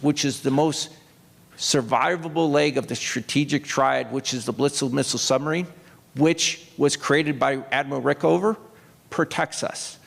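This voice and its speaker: Gravelly man telling stories in a hall. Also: fairly high pitch, a bit bright. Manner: rambling anecdotes with restarts and quoted voices. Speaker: author and retired Navy officer. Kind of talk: storytelling talk to an audience. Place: opera house stage. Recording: long hall reverb.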